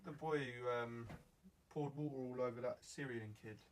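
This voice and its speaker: A young man, co-hosting a casual podcast with quick joking remarks. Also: medium pitch, fairly even intonation, a loud crowd. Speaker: podcast co-host. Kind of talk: casual chat. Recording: distant mic with faint noise.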